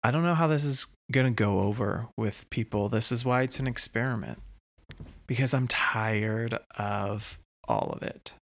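A man hosting his own podcast, talking slowly and earnestly in a reflective solo monologue with long pauses. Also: medium pitch, gravelly, dry recording. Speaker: podcast host.

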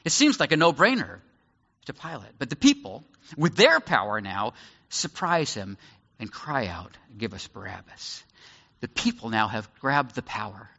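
Male pastor, casual teaching sermon; animated, bright voice, reverberant sanctuary. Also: medium pitch, moderate pace. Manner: conversational, explains and acts out scenes. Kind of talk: sermon, verse-by-verse Bible teaching. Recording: echoey hall, slightly dull sound.

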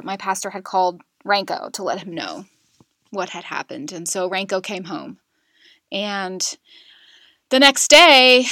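A woman guest in a podcast interview, candidly recounting a painful personal story in a halting, emotional way. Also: mid-range voice, sharp tone, no echo.

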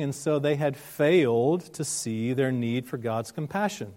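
A man's voice: medium pitch, mellow. Earnest man preaching a sermon. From United States. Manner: earnest, slows down for emphasis. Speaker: pastor.

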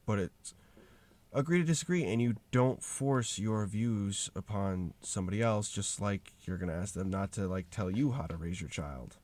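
A man appearing as a guest on a podcast, talking casually with halting, stammering restarts. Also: lowish voice, animated, a little mellow. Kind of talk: casual chat. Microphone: remote recording platform.

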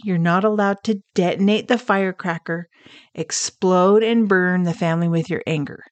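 A woman hosting a counseling podcast, calmly teaching and telling stories about clients. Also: lowish voice, no room sound. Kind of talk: scripted teaching talk with stories.

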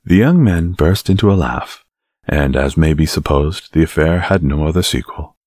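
Brief: deep-voiced man narrating a classic adventure novel, animated reading. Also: moderate pace, no echo, clean studio sound. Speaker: audiobook narrator. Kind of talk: scripted narration.

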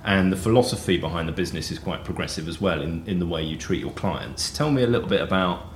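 A man hosting an interview, enthusiastically wrapping up his guests' points for listeners. His voice is very deep, and it rings in an echoey room with a faint hiss beneath it. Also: expressive, fast. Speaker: podcast host.

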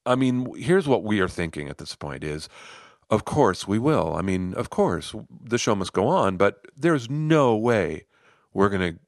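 A middle-aged man telling a personal story in an animated way, acting out the lines of other people. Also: lowish voice, vocal fry, dry recording, clean studio sound. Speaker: host, storyteller. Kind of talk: personal story told to listeners.

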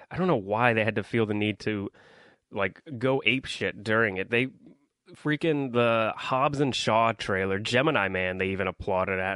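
Rambling with plenty of ums and likes, a young podcast host gives an offhand movie review on his own show and grumbles about his listeners. He has a medium-pitched, fairly bright voice with no echo in the recording.

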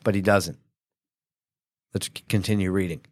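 Man, pastor, conversational sermon, tag questions to listeners, mid-pitched voice, dry close sound. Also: a little slow, no room sound. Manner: animated acted-out quotes.

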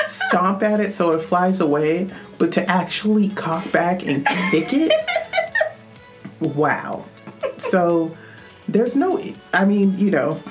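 A woman hosting a podcast, telling a story in casual chat and laughing often. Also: fairly low pitch. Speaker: podcast host.

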